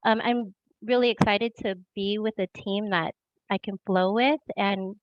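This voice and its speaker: A woman's voice: medium pitch, fairly even intonation, unhurried, no echo. A new team member, a woman, sharing her thoughts casually on a video call and laughing often. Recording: dry, muffled call audio.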